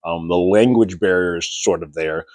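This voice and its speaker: A man's voice: low voice, normal speed, darkish tone, dry recording. A man casually recapping a TV episode in a loose, chatty way, often restarting his sentences. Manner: chatty, loose retelling with frequent restarts and acted-out quotes. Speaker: TV show reviewer.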